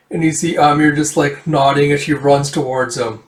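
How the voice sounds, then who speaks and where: A man casually recapping a comic book, voicing the characters' lines himself and jumping into loud shouts for the dramatic ones. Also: a little high, fairly even intonation, fairly quick. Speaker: manga reader recapping a comic. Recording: echoey room, far from the mic.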